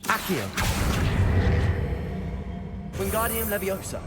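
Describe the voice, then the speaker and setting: A young wizard student in a video game, barking out spells in a high, lively voice that leaps around. His incantations come out sharp and slow, with game music swelling loudly behind him. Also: far from the mic, exaggerated voice. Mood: casting. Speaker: player character.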